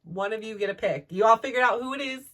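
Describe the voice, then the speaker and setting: A woman's voice: a little high, fast talker, fairly bright tone, distant mic. Chatty woman telling stories, slightly off-mic. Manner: chatty, laughs often, many "like" fillers. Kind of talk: personal storytelling.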